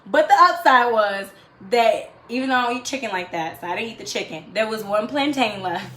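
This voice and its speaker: A woman hosts a home cooking show, chatting to viewers with stories, laughs, and asides as she cooks. Her voice is on the high side, expressive, a bit bright, and a little fast, recorded in an echoey room with faint background noise.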